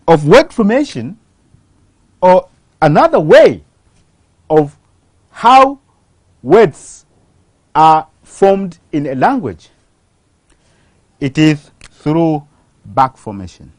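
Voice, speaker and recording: A teacher walks through a grammar lesson at an unhurried pace. The voice rises and falls a lot, and it often pauses on questions to the class. The sound is close and dry, with no room around it. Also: mid-range voice, sing-song, dry recording. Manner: slow, deliberate, asks rhetorical questions. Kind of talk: televised English grammar lesson.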